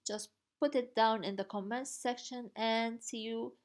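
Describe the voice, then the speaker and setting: A woman's voice: on the high side, fairly even intonation, a little slow. A woman teaching a grammar lesson, patiently spelling out each form step by step. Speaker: language teacher.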